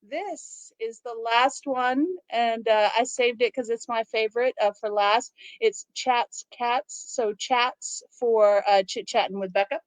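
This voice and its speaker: A woman co-hosting a casual chat show, reading viewer mail and telling animated stories with many fillers. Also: fairly high pitch, takes it slowly, hardly any pauses, dry recording, low-quality recording. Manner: storytelling, animated, filler-heavy.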